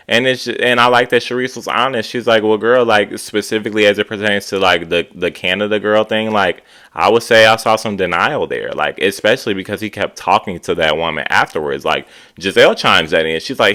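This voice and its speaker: A man gives casual commentary on a reality show, chatty and animated. His voice sits low but has a bright, forward edge. He keeps dropping into short quoted impressions of the cast as he recaps. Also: brisk, few pauses, clean tone. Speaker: reality TV reviewer.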